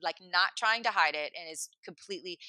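A woman casually telling a comic story in an animated, rambling way, full of "like" and acted-out quotes. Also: on the low side, a little fast, smooth, dry recording.

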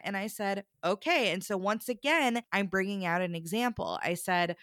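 A woman tells a casual story on a podcast in a bright, forward voice. She acts out the people she quotes with big jumps in pitch. The room is dry and close, with no echo. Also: moderate pace, few pauses. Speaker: podcast co-host.

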